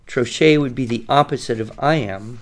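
A man co-hosting a podcast, explaining things patiently and reciting verse slowly in rhythm. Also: mid-range voice. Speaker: podcast co-host teaching writing. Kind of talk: conversational teaching.

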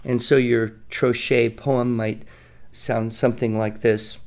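A man co-hosting a podcast, explaining things patiently and reciting verse slowly in rhythm. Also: mid-range voice, flat delivery, gravelly. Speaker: podcast co-host teaching writing. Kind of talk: conversational teaching.

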